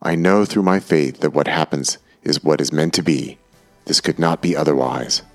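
A man's voice: a bass voice, moderate pace, faint music behind. A man reading a zealous failed woman artist. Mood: dying calm. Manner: fervent, preaching conviction. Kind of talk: audiobook character reading.

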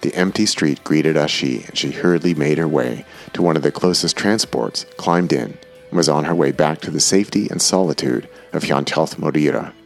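Brief: male audiobook narrator, extremely low voice, faint music beneath. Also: moderate pace, gravelly.

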